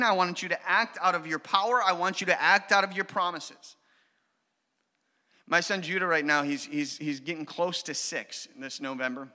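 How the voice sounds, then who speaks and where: Bright, high-voiced man preaching in a hall. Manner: earnest, emphatic preaching with storytelling. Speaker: pastor. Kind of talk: sermon. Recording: long hall reverb.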